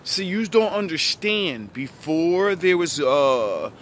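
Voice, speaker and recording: A man delivering a profane, preachy ranting monologue that lectures the listener, repeats catchphrases and bursts into shouting. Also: on the high side, sing-song, takes it slowly, slight background noise. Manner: repeats catchphrases and "yous" address. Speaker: online preacher-style commentator.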